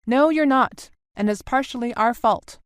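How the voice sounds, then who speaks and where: A woman's voice: on the high side, moderate pace, clear, resonant tone, no room sound, clean studio sound, voice pushed up, natural voice. A woman voicing a small, older motherly woman who is firm and commanding, in an audiobook. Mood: stern.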